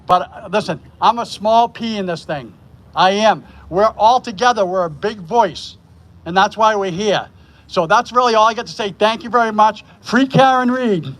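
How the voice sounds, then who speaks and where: A man's voice: sits high, moderate pace, a bit bright, a little hiss or hum. A man passionately opening a street protest with a short rally speech. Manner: earnest, passionate. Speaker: protest organizer.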